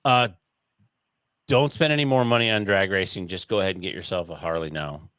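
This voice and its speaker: A man's voice: deep voice, fairly quick, fairly bright tone, smooth, dry recording. A man telling a story as an interview guest, in casual talk that acts out the quoted voices and swears freely.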